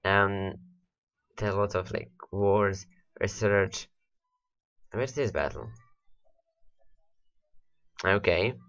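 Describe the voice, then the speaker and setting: A man's voice: low-pitched, extremely slow, long pauses, a bit bright, dull audio. A man rambling through gameplay commentary, his voice worn and cracking from hours of talking, repeating words as he talks to his units. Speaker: let's play host.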